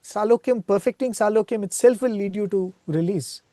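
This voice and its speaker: Man, spiritual retreat speaker, devotional storytelling, earnest, warm voice, dry sound. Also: high-pitched, fairly quick, dry recording. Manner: earnest, retells scripture stories, often asks "right?".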